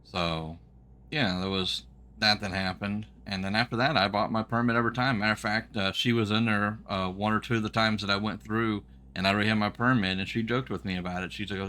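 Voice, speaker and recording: A man's voice: on the low side, fairly even intonation, a little fast, sharp tone. Folksy man rambling while gaming. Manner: rambling, folksy, many ums and restarts. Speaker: trucking game streamer and former truck driver. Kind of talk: casual storytelling while gaming.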